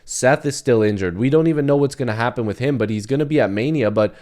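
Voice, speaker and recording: A man's voice: mid-range voice, fast talker, a little mellow. A man hosting his own channel, giving a passionate, emphatic opinion monologue in casual talk. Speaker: wrestling commentary channel host.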